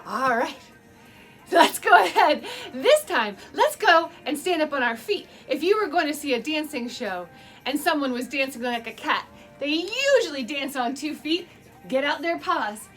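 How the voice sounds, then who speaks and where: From her home basement, a woman leads children through a dance storytime, playful and encouraging, laughing often and making animal sounds. Her high-pitched, expressive voice is unhurried and fairly bright, with soft music playing in the background.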